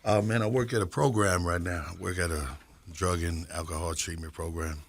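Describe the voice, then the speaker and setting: Deep gravelly-voiced man from Compton, easygoing interview guest, dry studio sound. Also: fairly even intonation, brisk, dry recording. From Compton, California. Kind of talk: casual interview talk.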